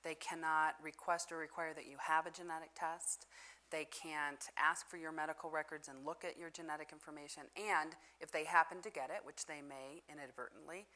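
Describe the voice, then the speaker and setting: A woman speaking as a panelist, answering in a measured way with frequent um and uh pauses. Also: deep voice, steady tone, sharp tone. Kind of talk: panel discussion.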